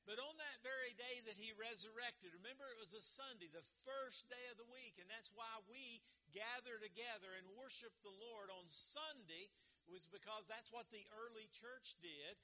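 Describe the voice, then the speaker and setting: A man's voice: high-pitched, sharp tone. A middle-aged man preaching a sermon as pastor, earnest, with repetition and rhetorical questions.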